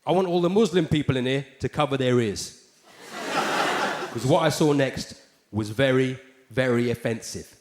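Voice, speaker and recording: A man's voice: medium pitch, moderate pace, long pauses. A man performing live stand-up in a theater, sardonic and conversational with rhetorical asides. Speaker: stand-up comedian. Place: theater stage. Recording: roomy live theater with ambient noise.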